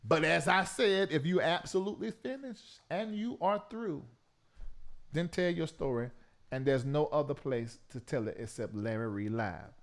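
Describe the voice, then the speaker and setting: High, lively male talk-show host. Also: normal speed. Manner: animated, loud and mocking, with preacher-like mimicry. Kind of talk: casual commentary.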